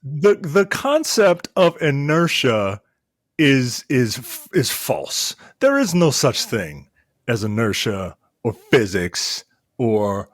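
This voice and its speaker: A man's voice: medium pitch, very animated, takes it slowly, no echo, studio quality. A man co-hosting a movie review podcast, mocking the film with sarcasm. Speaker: podcast co-host. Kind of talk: casual movie review chat.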